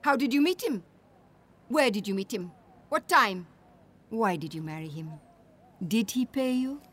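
An actress playing a sharp-tongued, worldly friend who talks in a dry, teasing, brisk way. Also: female voice, a little high, expressive. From India.

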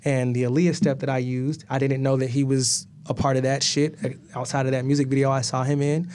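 Animated man telling a story, laughing often. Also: medium pitch, brisk, clear, resonant tone. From Atlanta, US. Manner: animated, laughing often, swearing, acting out dialogue. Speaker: guest. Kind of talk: casual storytelling.

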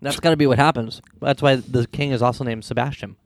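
A man's voice: mid-range voice, fairly even intonation, quick pace. A man co-hosting a comedy podcast with wry, teasing quips in casual banter. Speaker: podcast co-host.

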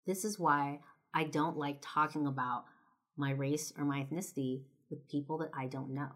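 Young woman, slightly low voice, casual storytelling, filler-heavy, swears now and then. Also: steady tone, moderate pace, fairly bright tone. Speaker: podcast and video host. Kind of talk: casual personal storytelling monologue.

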